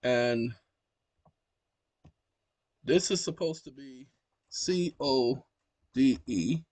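A man's voice: mid-range voice, very slow, a little mellow, no room sound. A man hosting his own channel, talking casually as he walks through a screen share and dictates commands aloud to a voice assistant at his computer. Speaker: channel host.

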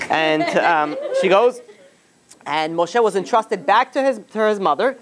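A man's voice: high voice, moderate pace. A man teaching an informal class as a rabbi, retelling a story conversationally, slipping into the characters' lines and fielding questions from students in the room.

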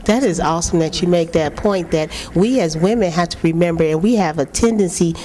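A woman with a slightly low voice hosts a faith talk show. She puts questions to her panel and keeps up a steady run of amens, and a faint hiss sits under her voice. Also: a little fast. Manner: leads with questions to the panel, answering with frequent amens. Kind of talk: church talk show discussion.

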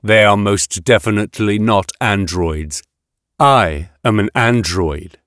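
A male audiobook narrator voicing a calm, measured male android scientist. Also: on the low side, no room sound, clean studio sound.

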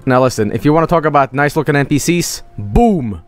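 A man's voice: on the high side, quick pace, smooth, faint music behind. A man streaming a game, joking around casually and slipping into silly voices. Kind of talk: casual gameplay commentary.

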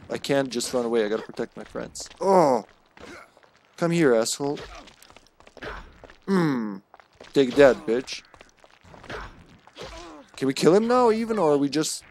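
A man giving live commentary while he plays a game, excitable and joking, swearing freely and calling out to his teammates. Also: mid-range voice, a little slow, pauses often. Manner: jokey, laughs often. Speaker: streamer.

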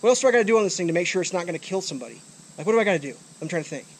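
Angry high-voiced man ranting outdoors. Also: expressive, very fast, a little hiss or hum. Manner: swearing, frustrated, repeats himself. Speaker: vlogger. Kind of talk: angry rant to camera. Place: outdoors by a trailer.

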